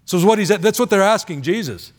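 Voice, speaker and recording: A man preaching a sermon as a missionary, telling stories in a chatty, animated way with many fillers. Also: high-pitched, fast. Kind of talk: sermon with storytelling. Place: church sanctuary.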